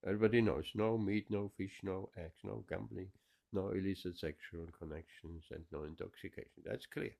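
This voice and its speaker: A man's voice: low voice, normal speed, vocal fry, darkish tone. A man giving a scripture class, explaining verses with emphatic repetition. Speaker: spiritual teacher.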